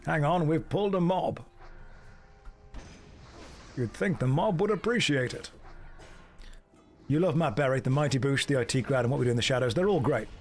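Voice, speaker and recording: A man chatting casually and joking dryly as he plays a game and answers his chat. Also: medium pitch. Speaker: streamer. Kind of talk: casual chat while gaming.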